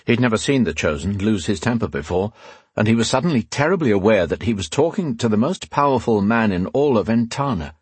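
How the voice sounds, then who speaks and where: Man reading a fantasy book out loud, low husky voice, dry close sound. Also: expressive, fairly quick, dry recording. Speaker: audiobook narrator. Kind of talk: scripted narration.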